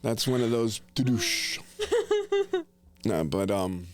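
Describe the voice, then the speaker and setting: A middle-aged man from New Jersey hosting a casual family chat, telling hunting stories in an animated way with gasps and laughter. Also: medium pitch, slow pace, heavy background noise. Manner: animated, laughing storyteller with gasps and whispered asides. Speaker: podcast host, father.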